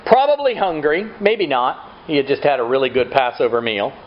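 Animated preaching man, lively pitch. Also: brisk, muffled recording, slight background noise. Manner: animated preaching, rhetorical questions, acts out quotes. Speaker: pastor. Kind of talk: sermon.

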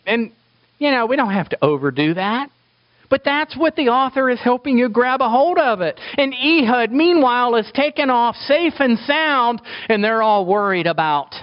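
A man preaching a sermon in an animated way, acting out quoted voices for humor. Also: very high voice, moderate pace, lo-fi sound.

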